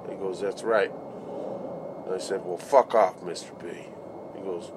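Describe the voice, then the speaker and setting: A construction worker tells a rambling work story in a low, easygoing voice, swearing and laughing as he goes. He acts out the other men's lines, and a faint hiss runs under the recording. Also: steady tone, normal speed, long pauses. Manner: laid-back, laughing, swears freely, acts out quoted voices. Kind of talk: casual storytelling vlog.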